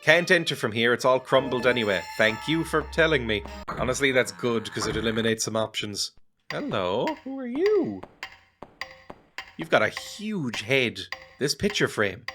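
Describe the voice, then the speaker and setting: A man's voice: mid-range voice, animated, moderate pace, over music. A man giving casual, sarcastic commentary while playing a video game, joking and laughing often. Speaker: let's play gamer.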